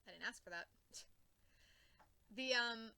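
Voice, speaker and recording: Bright, excitable woman gushing about comics. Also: a little high, slow pace, vocal fry, clean tone, dry recording, low-quality recording. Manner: excitable and gushing, swears a lot, many fillers. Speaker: comics vlogger. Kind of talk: casual rambling chat.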